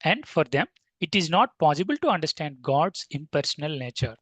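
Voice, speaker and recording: A man reading a scripture commentary aloud in a class, steady with occasional stumbles. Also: a little high, brisk, no room sound.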